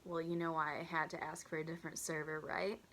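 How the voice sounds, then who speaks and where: A woman's voice: low voice, level tone, quick pace, a bit bright, slight background noise. A woman mimicking a curt, snobbish older lady. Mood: cold. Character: rude, snobbish older woman restaurant customer.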